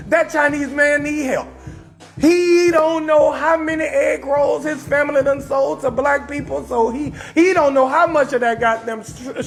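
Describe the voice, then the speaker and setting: On a live stream, a very high-pitched comedian from New Orleans, USA, roasts someone in his New Orleans accent. It's a loud, profane rant with shouted outbursts.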